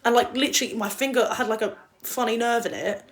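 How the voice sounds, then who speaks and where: A young woman chats to her livestream viewers in a casual, rambling way. She is blunt and swears freely, and her voice sits a little on the high side. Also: fast. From England.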